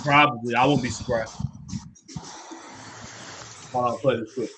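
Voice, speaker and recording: A man's voice: mid-range voice, steady tone, normal speed, noisy background. A man hosting a livestream, chatting casually and bantering with friends while they watch a film. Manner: laid-back banter, slangy. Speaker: livestream host.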